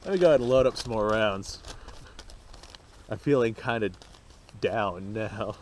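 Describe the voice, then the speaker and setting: A man's voice: lowish voice, measured pace, slight background noise. Laid-back swearing man outdoors. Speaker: firearms channel host. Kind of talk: casual chat to camera. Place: outdoor shooting range.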